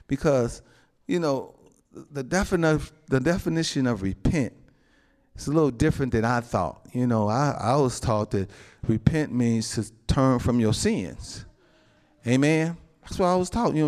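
A man's voice: medium pitch, darkish tone. A male pastor preaching a sermon to his congregation, peppering his talk with amens and calling out to the saints. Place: church building with a congregation.

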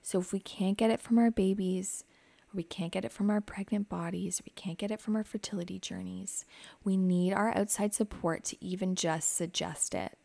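A woman who hosts a psychotherapy podcast, guiding listeners through reflective questions in a gentle, advising way. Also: mid-range voice, fairly even intonation, normal speed, gravelly, no room sound. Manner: reflective, asks many questions.

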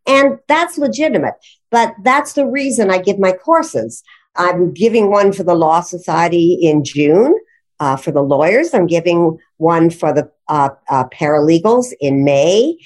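A woman who teaches grammar explains rules with enthusiasm, her lowish voice rising and falling a great deal. She talks in an easy conversational way and laughs often. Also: lively intonation, unhurried, a little mellow. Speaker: grammar and writing instructor, guest.

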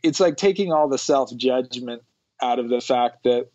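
A man appears as a podcast guest in a conversational interview, talking reflectively and often laughing between thoughts. His voice is medium-pitched and a little mellow, at a normal pace. The recording is dry, dull, and lo-fi.

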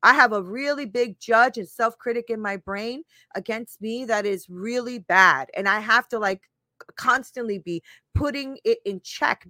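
A woman's voice: fairly high pitch, pushed and bright, no room sound. A woman hosting a live motivational talk, candid and laughing often, swearing casually and voicing her own inner critic as she speaks. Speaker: life coach and show host.

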